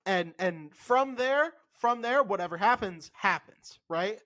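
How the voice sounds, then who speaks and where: A man co-hosting a podcast in casual chat, animated and insistent, swearing freely. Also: high-pitched, measured pace. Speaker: podcast co-host.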